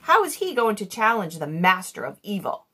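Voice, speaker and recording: A woman's voice: medium pitch, big pitch swings, moderate pace, pushed and bright, slightly rough, heavily acted. A woman voicing a formal, solemn male genie who talks in old-fashioned phrases, in a read-aloud children's story.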